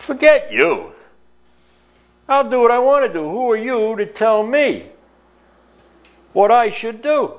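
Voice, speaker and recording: A man's voice: extremely high pitch, lively intonation, slow, long pauses, voice pushed up, full character voice. A man voicing a defiant young man who talks back brashly, in a lo-fi recording.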